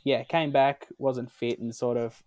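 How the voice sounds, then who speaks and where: Young Australian man, podcast co-host, casual rambling chat, mid pitch, dry close mic. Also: steady tone, a little slow, a little mellow, no room sound. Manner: rambling, hesitant, lots of ums and restarts.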